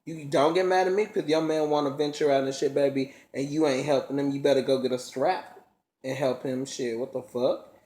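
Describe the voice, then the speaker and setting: A man's voice: mid-range voice, fairly even intonation, fairly quick, darkish tone. A man telling a story to his vlog audience in blunt, profane casual talk, acting out each scene as he goes, in a roomy echoing room. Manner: blunt, profane, dramatic retelling.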